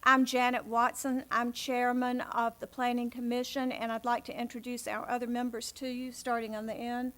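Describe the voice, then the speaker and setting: Woman chairing a public meeting, flat tone. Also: on the high side, normal speed, hardly any pauses. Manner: polite, formal procedural phrasing. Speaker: planning commission chair. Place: city council chambers.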